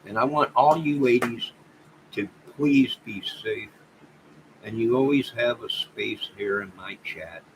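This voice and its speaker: A man's voice: medium pitch, slow, noisy background. A man hosting a casual livestream, rambling and joking as he thanks his chat viewers and signs off. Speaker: livestream host.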